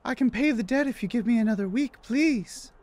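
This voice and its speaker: A man's voice: extremely high pitch, fairly quick, darkish tone, voice pushed up. A man voicing a frail, nervous elderly woman who stammers and pleads, reading game dialogue aloud. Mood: pleading.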